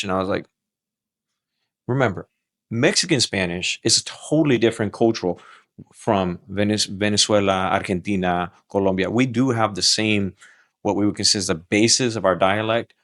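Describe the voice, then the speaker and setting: Middle-aged man, deep voice, dry sound; animated storyteller who restarts his sentences, podcast guest pastor. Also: moderate pace, no echo.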